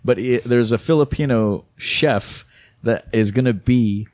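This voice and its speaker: A man who works as a voice actor, chatting as a podcast guest and telling stories with animated asides. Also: mid-range voice, dry recording. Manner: animated storyteller, tosses in quick voices. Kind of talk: casual podcast chat.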